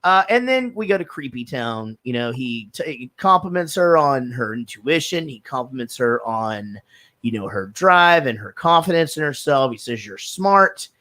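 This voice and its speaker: A man's voice: medium pitch, moderate pace. A man co-hosting a comedy movie podcast, recapping a film in loose, joking banter and laughing often. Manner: animated, laughs a lot, breaks into quoted voices. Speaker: podcast co-host.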